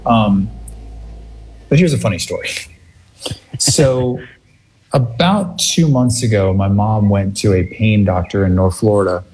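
Middle-aged man telling a rambling story. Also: on the low side. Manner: rambling animated anecdote with laughter. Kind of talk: casual chat.

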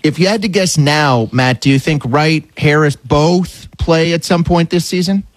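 A man's voice: a little high, unhurried, no room sound. A man hosting a sports radio show, chatty and friendly as he talks with a guest and his co-host. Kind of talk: casual sports radio talk.

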